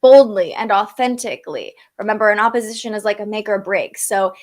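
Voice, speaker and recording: A woman's voice: mid-range voice, a little fast, a little mellow. A young woman giving a casual astrology forecast, chatty, with frequent fillers and restarts. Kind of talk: casual livestream talk.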